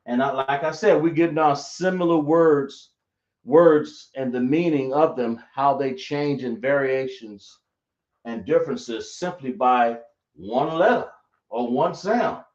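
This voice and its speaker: A man teaches a live class, repeating points and checking that his listeners follow. He talks at an unhurried, drawn-out pace. The room is echoey and the sound is dull and lo-fi. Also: mid-range voice, darkish tone. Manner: slow, repetitive explaining, checking the class often.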